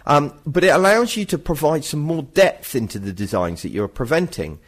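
Chatty, husky podcast host. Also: male voice, fairly high pitch, big pitch swings, normal speed. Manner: chatty, self-mocking, teasing rants. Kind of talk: casual podcast chat.

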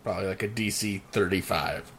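A man's voice: low voice, fairly even intonation, a little fast, fairly bright tone, slightly rough. A man playing a tabletop game, cracking jokes in casual banter. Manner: joking, wisecracking. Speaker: player.

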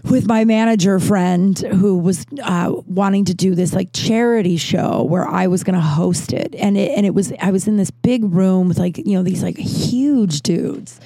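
A woman's voice: mid-range voice, normal speed, few pauses, dark tone, no echo. A woman in her thirties telling casual stories in a rambling monologue, swearing freely and often restarting or correcting herself.

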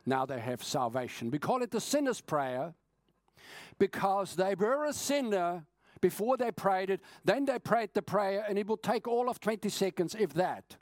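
A man's voice: sits high, lively intonation, no echo. Earnest preacher man, dry close sound. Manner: earnest, urging, speeds up and slows down for emphasis. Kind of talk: evening sermon.

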